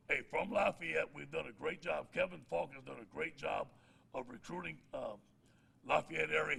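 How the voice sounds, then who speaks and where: Gravelly coach, folksy and bright. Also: male voice, a little high. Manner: folksy storyteller, laughs at his own jokes. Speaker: head football coach. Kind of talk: press conference speech.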